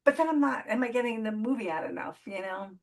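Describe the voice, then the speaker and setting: A woman hosting a casual interview over a video call, chatty with halting restarts. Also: fairly high pitch, lively intonation. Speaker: interview host.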